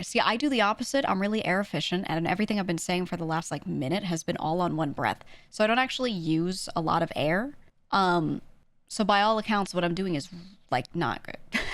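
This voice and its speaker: Woman streamer, fast casual chatter, slight vocal fry, dry close sound. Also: on the low side, dry recording. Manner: quick, chatty talker; relaxed and conversational, lightly projected for the mic. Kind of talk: casual chat answering a livestream chat.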